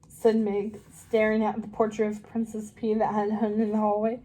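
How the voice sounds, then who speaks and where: A woman reading a children's novel aloud, slowly and carefully, with small slips and restarts. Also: medium pitch, completely flat delivery, mellow, poor audio. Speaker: reader.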